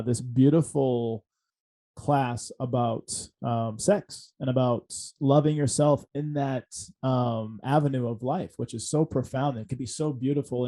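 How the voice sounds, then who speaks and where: Earnest man, mellow podcast host. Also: mid-range voice. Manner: earnest, reflective, many fillers and restarts. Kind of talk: casual podcast conversation.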